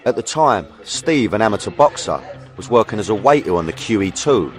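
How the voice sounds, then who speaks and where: A man's voice: lowish voice, expressive, fairly quick. A man narrating a documentary in the first person, in a tense and dramatic style. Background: music.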